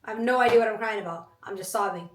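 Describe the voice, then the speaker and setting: A woman, co-hosting a casual podcast chat in an animated, emphatic way, swearing freely. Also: medium pitch, rapid-fire. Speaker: podcast co-host. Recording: roomy echo, mic at a distance.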